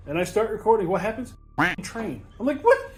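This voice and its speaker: Man, slightly high voice, casual wargame battle report, counting dice aloud, chatty, laughs a lot. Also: a little mellow. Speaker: tabletop wargame player and channel host.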